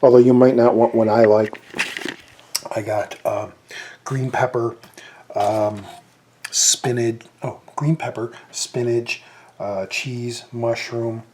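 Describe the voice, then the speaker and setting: A man's voice: medium pitch, steady tone, slow, long pauses, mellow, slight background noise. A man chatting casually in a home vlog, rambling and correcting himself, sometimes talking while eating. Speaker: movie review vlogger.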